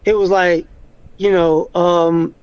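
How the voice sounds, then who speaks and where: A man's voice: sits high, level tone, slow, a little mellow, smooth, no room sound, highs cut off. A man telling a personal story in a rambling, casual way over a video call with a choppy, broken-up connection. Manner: rambling, lots of fillers and restarts. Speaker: guest.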